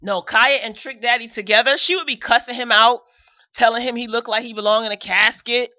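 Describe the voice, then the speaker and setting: A woman's voice: on the high side, steady tone, brisk, pushed and bright. A woman hosting a casual morning show, retelling reality TV scenes animatedly and laughing often. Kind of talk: casual chat.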